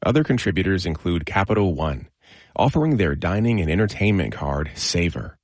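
A man announcer reading a radio sponsor message with a smooth announcer delivery. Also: low voice, very animated, fairly quick, darkish tone, no echo, clean studio sound.

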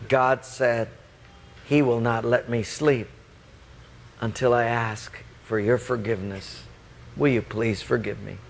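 A man's voice: mid-range voice, steady tone, a little slow, gravelly, hardly any pauses, fairly bright tone, long reverb tail, a little hiss or hum. A man voicing a sheepish young male college student who stumbles over apologetic words.

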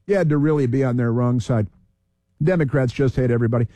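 A man's voice: medium pitch, fast, warm tone, no echo. A man hosting political talk radio, heated, repeating himself and reeling off long lists.

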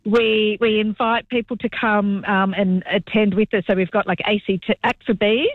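A woman's voice: medium pitch, steady tone, normal speed, dry recording. A cheerful, chatty woman calls in to a radio show and laughs easily as she talks. Her voice comes through a thin, tinny phone line with no room sound at all. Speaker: market representative phoning in. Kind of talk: casual radio phone interview.

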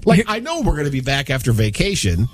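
A man's voice: medium pitch, big pitch swings, fast. A man co-hosting a show, teasing his partner in playful, casual banter. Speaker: radio show co-host.

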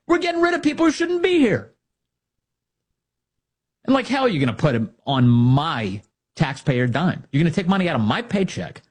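A man's voice: mid-range voice, darkish tone, slightly rough. A male talk show host giving a sarcastic, combative opinion monologue with mocking asides.

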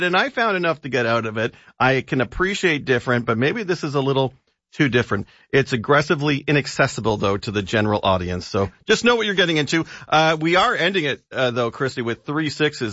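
A relaxed male radio host, talking loosely and stumbling over words now and then. His voice is dry and close, with the slightly dull tone of a broadcast recording. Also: medium pitch, dry recording. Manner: relaxed, chatty, halting with fillers. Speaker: radio co-host, film reviewer. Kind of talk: casual radio chat. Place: radio studio.

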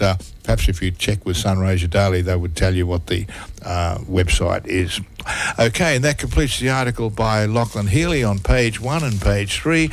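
A man reading local newspaper articles aloud on radio, stumbling and restarting words now and then. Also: on the low side.

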